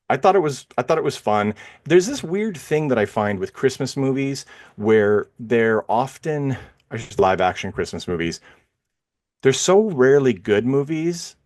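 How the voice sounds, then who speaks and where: A man co-hosting a film podcast, talking casually and rambling with frequent fillers and restarts. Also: fairly low pitch. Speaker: podcast co-host. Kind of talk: casual film review chat.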